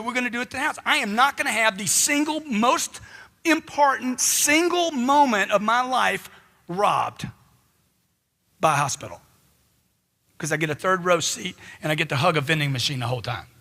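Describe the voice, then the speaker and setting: A man giving a live motivational speech into a handheld mic, loud and punchy, firing off rhetorical questions. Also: high-pitched, big-room sound. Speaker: motivational speaker.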